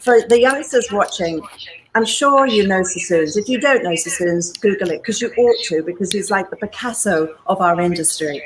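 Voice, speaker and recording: A British woman in her sixties, an animated storyteller who talks straight to her listeners in an interview. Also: medium pitch, moderate pace, a little hiss or hum, rough recording. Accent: British English. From England. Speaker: guest hairdresser and educator.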